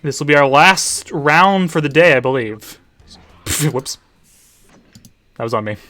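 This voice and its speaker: A man's voice: fairly high pitch, animated, unhurried, sharp tone, soft background music. A man, a teacher hosting a party game stream for students, chatting casually with dry offhand asides as he sets up rounds. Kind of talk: casual livestream chat.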